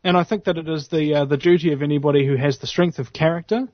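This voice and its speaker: A man with a New Zealand accent, a panelist on an online show who keeps an eye on the chat, talking in a chatty, rambling, animated way. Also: a little high, fast, no room sound. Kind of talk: casual online panel talk. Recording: muffled, dry online audio.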